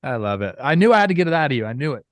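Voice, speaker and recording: A man co-hosting a baseball talk show, opinionated and animated in casual chat. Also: medium pitch, racing, no room sound.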